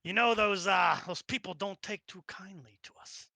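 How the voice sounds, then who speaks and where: A man's voice: high-pitched, normal speed, vocal fry, sharp tone, dry recording, exaggerated voice. A man voicing a gossipy dockside trader with a put-on Brooklyn accent. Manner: chatty, laughing often.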